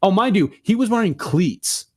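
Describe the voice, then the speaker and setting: A young man co-hosting a podcast, telling a story in a slangy, profane, animated way. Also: sits high, normal speed, breathy edge. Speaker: podcast co-host. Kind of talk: casual storytelling chat.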